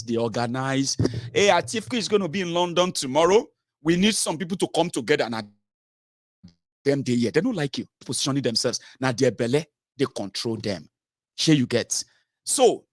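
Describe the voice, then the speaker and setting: A man's voice: on the high side, no room sound, clean studio sound. A man with a Nigerian accent, a political commentator ranting with scorn and repeated mocking labels. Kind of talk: opinion vlog rant.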